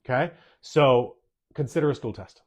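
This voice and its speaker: A man's voice: mid-range voice, moderate pace, a little mellow. A man hosting a podcast as a doctor, answering listener questions in a casual, emphatic way, repeating key points and checking in with "okay?".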